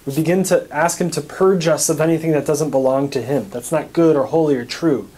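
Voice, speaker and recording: Brief: American male priest, fairly high voice, chatty teaching tone, asks and answers his own questions. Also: a little fast, mellow. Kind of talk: recap of a parish teaching talk.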